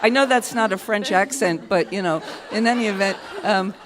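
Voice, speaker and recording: A tired woman singer-songwriter chatting between songs at a live concert, rambling and halting with many filler pauses and wry self-mocking humor. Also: mid-range voice, a crowd in the background. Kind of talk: stage banter between songs. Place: live concert stage in a hall. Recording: live concert hall reverb with band music.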